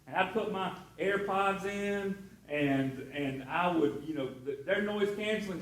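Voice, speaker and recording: A man in middle age delivers a sermon as a pastor, drifting from story to story with casual asides and frequent restarts. His voice sits fairly high for a man, and it rings out through a reverberant church space. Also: animated, measured pace. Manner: storytelling, conversational with many restarts.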